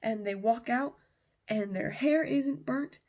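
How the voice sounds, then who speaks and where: A woman's voice: a little high, takes it slowly, a little mellow. A woman retelling a Bible story in a chatty, slangy way with lots of asides.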